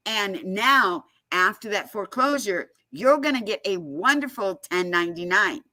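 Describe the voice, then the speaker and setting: A woman's voice: medium pitch, lively intonation, moderate pace, sharp tone. A woman talking casually and emphatically, telling a story and explaining advice. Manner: emphatic storyteller, laughs often. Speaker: guest speaker on foreclosure fraud.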